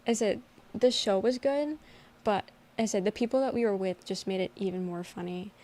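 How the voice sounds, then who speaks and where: A young woman streamer telling a story in a casual livestream chat, animated and laughing often. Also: medium pitch, a little fast.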